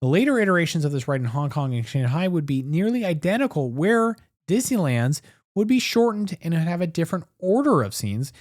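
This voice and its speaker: Male co-host, casual and explanatory, lively pitch, very dry sound. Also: brisk, dry recording. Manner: chatty, explains park details step by step. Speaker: podcast co-host. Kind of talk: casual chat.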